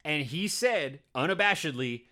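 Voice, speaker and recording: A man's voice: fairly high pitch, expressive, moderate pace, pushed and bright. Chatty man co-hosting a film podcast. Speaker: podcast co-host, cinema programmer. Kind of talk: casual chat.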